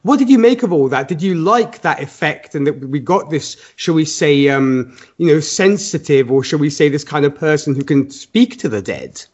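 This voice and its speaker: A man hosts a podcast in a measured, hedging manner and steers the discussion. His voice sits fairly high. The recording sounds a little dull. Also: expressive, a little mellow, slightly rough. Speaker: podcast host. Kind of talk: casual chat.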